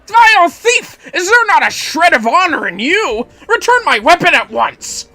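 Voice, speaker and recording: A grandiloquent, pompous gentleman adventurer from a game declaims in slow, high, sweeping phrases, as a woman puts him on. Every line is drawn out with old-fashioned flourish and lofty indignation. Soft music plays underneath. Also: very animated, exaggerated voice. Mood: outraged. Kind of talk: dramatic reading of game lines.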